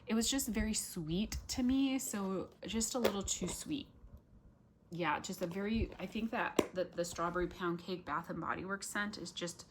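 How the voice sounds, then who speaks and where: A woman vlogger chatting casually through a product review, full of ums and likes and quick self-corrections. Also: medium pitch, noisy background.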